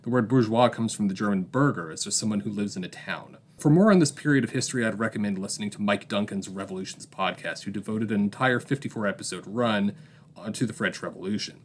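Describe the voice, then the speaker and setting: A man's voice: on the low side, fast talker. Man reading a history podcast segment. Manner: explanatory, with asides and book recommendations. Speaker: podcast host. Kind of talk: read political history segment.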